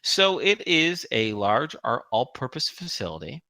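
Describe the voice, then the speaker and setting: A man narrates a tabletop game as game master in a bright, gravelly voice with a lively rise and fall. He is playful and teasing and laughs often, and the sound is close and dry. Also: medium pitch, measured pace, no echo.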